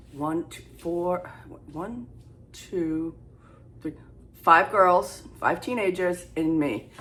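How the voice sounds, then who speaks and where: A woman's voice: deep voice, fairly bright tone. A middle-aged woman chatting casually about her thrift haul from her home kitchen, rambling and self-deprecating. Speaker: thrift reseller vlogger.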